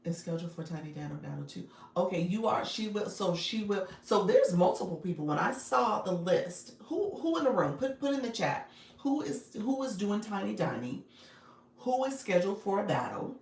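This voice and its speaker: Woman coach live on stream, chatty and laughing a lot, kinda gravelly, echoey room. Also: medium pitch, big pitch swings, moderate pace, darkish tone, far from the mic. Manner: chatty, laughing, talks straight to viewers. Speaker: coach and livestream host. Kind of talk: casual livestream chat.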